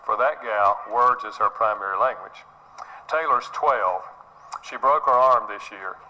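Speaking a little slowly in a lowish, bright voice with a forceful tone, a middle-aged man gives an earnest sermon-style talk on parenting. He repeats himself often and performs quotes as small scenes, and the recording quality is low.

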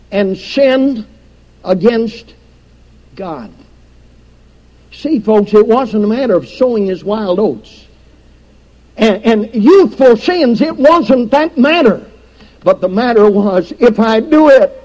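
A man's voice: extremely high pitch, darkish tone, rough recording. A middle-aged man preaching a sermon emphatically, quoting scripture and dropping his voice for drama.

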